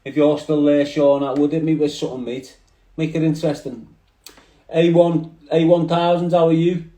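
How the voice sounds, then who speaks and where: A man's voice: a little high, little pitch movement, normal speed, warm tone. A man with a Liverpool accent hosting a casual livestream, rambling in street slang and talking straight to his viewers through a phone. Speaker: livestream host. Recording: echoey room.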